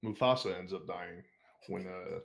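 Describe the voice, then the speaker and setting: A man's voice: deep voice, normal speed, vocal fry. A young man telling a long story as an interview guest, casual and full of swearing, laughing as he goes. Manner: profane, rambling, laughs while telling.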